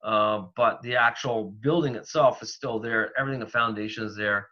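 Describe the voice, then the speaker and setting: Male guest from Canada, loose and chatty, bright, lo-fi remote audio. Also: lowish voice, normal speed. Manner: rambling, animated storytelling with many fillers. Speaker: paranormal investigator guest. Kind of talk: casual interview talk.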